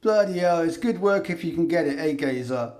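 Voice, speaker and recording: A man's voice: fairly high pitch, expressive, a little fast, a little mellow, a little hiss or hum. A man giving sarcastic, mocking commentary over video footage.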